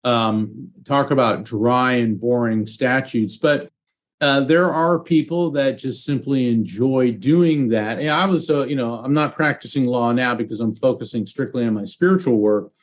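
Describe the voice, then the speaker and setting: Earnest male storyteller, ex-trial-lawyer type, mid-pitched, animated, restarts often. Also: moderate pace. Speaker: psychic medium guest, former trial lawyer. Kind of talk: storytelling interview talk.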